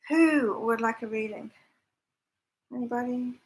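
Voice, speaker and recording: A woman hosts a live psychic chat from temporary lodging away from home, talking casually with viewers, laughing often and reading out their comments. Her voice is a little high and unhurried. The recording quality is low.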